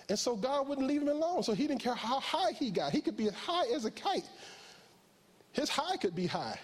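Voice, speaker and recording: A man, a pastor, preaching a sermon, who acts out quotes in a raised voice and closes in a slow, soft prayer. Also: very high-pitched, sing-song, husky.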